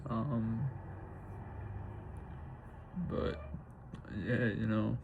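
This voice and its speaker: A young man talking in a confessional vlog, tearful and halting, filling his pauses with "you know" and "bro". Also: lowish voice, fairly even intonation, creaky, narrow, tinny audio, background noise. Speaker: vlogger.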